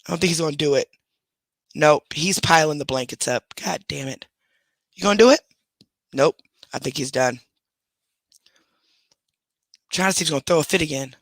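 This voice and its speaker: A woman's voice: deep voice, brisk, long pauses, no room sound, clean studio sound. A woman hosting a casual livestream, scolding her dogs and chatting to her viewers. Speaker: livestream host.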